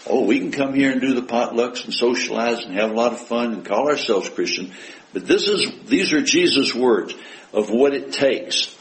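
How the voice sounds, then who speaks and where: In poor audio, a man with a mid-range voice preaches expressively to his congregation at a moderate pace. He asks rhetorical questions and quotes scripture with mounting force, then sinks to a hush for heartfelt prayers.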